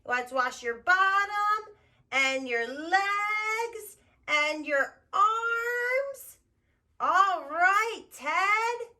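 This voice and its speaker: A woman teaching toddlers in a gentle, encouraging voice, talking slowly and repetitively in a sing-song way. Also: very high voice, expressive. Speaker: early childhood educator. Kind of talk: toddler teaching video narration.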